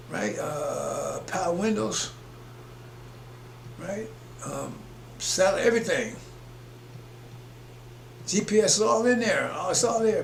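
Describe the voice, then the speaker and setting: On a broadcast, a man with a high, creaky voice preaches emphatically and rambles, chuckling between his points. The room is echoey, with a faint hum.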